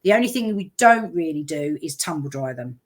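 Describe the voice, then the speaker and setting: A chatty woman with a slightly low voice talks over a video call. She tells stories in a relaxed, rambling way and acts out what others said. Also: fairly quick. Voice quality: chatty storyteller, lively quoted voices. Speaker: guest business owner. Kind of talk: casual chat.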